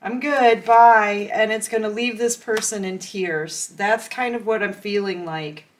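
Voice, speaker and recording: A woman's voice: medium pitch, moderate pace. A woman giving a casual tarot reading, chatty and acting out imagined conversations with a laugh. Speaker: tarot reader.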